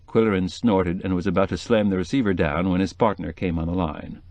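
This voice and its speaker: Male audiobook narrator, expressive, dry close recording. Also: low voice, brisk, few pauses, dry recording. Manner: expressive storytelling. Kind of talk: scripted narration.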